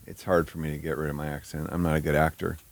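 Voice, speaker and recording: A man's voice: a bass voice, level tone, fast. A man with a Michigan accent hosting a live stream, rambling and crudely joking about himself in casual chat. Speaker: streamer host.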